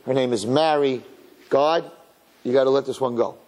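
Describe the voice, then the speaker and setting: A man's voice: medium pitch, moderate pace, darkish tone, natural voice. A man voicing Satan as a sly, pushy male accuser who argues insistently.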